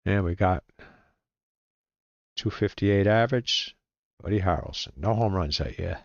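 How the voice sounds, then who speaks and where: A man playing a solo tabletop baseball game, reading out dice rolls and calling the plays in a relaxed, halting way, muttering to himself as he looks things up. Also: low voice, gravelly, dry recording, lo-fi sound. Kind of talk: casual play-by-play while rolling dice.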